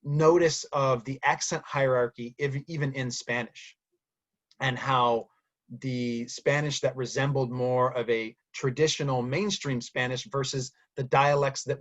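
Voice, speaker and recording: A man's voice: mid-range voice, lo-fi sound. A man giving a thoughtful personal monologue, often adding "right?" and "you know" as he speaks. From United States. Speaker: speaker recounting his language history.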